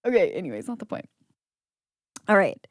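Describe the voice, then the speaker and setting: A woman's voice: medium pitch, big pitch swings, moderate pace, no echo, studio quality. A woman co-hosting a podcast in casual chat, giggly and chatty, often saying "like", and reading stories aloud. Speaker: podcast co-host.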